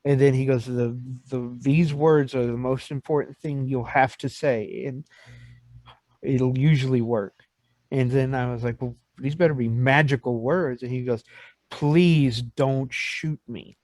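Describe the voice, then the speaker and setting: A podcast host in his fifties relates stories in easygoing chat, bringing quotes to life as an animated storyteller. He has a mid-range voice at a moderate pace, recorded dry.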